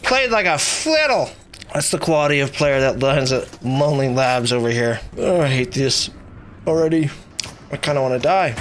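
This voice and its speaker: A man streaming a video game live, talking excitedly and mockingly at himself with his mouth stuffed with marshmallows. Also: mid-range voice, normal speed, slight background noise. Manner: muffled speech with marshmallows in mouth. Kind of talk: live gameplay commentary.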